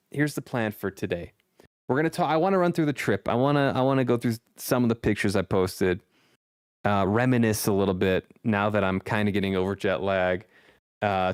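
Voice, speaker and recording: Chatty low-voiced male streamer, dry sound. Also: clean tone, no room sound. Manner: chatty, rambling, repeats phrases, reads chat aloud. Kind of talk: casual live-stream chat.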